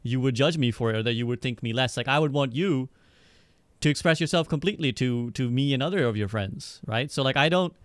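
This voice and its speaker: A man on a podcast calmly arguing his point, reasoning aloud and often checking in with "right?". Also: mid-range voice, fairly quick, no room sound, studio quality. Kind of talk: casual debate.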